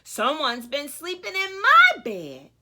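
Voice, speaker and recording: A woman's voice: high-pitched, huge pitch swings, takes it slowly, bright, forceful tone, pitched above the performer's own voice, exaggerated voice. Woman reading an anxious Mama Bear. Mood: worried. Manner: gasping, anxious delivery. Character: worried mother bear, anxious.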